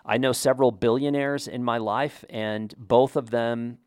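A man's voice: mid-range voice, fairly even intonation, unhurried, a little mellow, dry recording, studio quality. A man talking in a casual, rambling opinion monologue, often restarting his sentences and adding emphatic asides.

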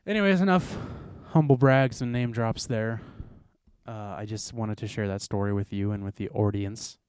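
A man's voice: on the low side, normal speed, smooth, no room sound. Rambling young man hosting a podcast. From United States. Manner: rambling, animated storytelling. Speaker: podcast host. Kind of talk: casual podcast chat.

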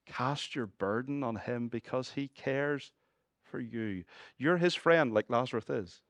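A pastor from Northern Ireland, speaking with that accent, preaches a sermon in an unhurried, mid-range voice on a dry recording. He shifts between lively humorous asides and hushed, earnest appeals to his listeners.

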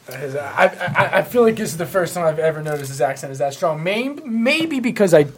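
A man with a Philadelphia accent co-hosting a radio show, bantering in an animated, profane way. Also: fairly high pitch, husky. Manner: animated, profane, quick asides.

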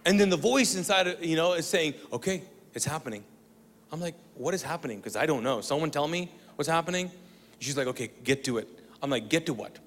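A man from the Middle East preaching a sermon, telling a story with acted-out dialogue and moving between loud bursts and quiet, hushed lines. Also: a little high, brisk, slight background noise. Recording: long reverb of a large hall.

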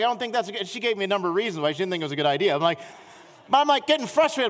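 In a church sanctuary, a middle-aged man preaches, his storytelling lively and his pitch rising high during anecdotes. He then eases into slower, softer, earnest appeals, all carried on a long reverb.

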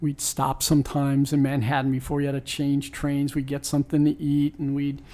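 A man's voice: medium pitch, completely flat delivery, moderate pace, a little mellow. A man in his sixties from New York, a sports team owner, tells a personal story in an interview. He is reflective and earnest and often restarts his sentences. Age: 60s.

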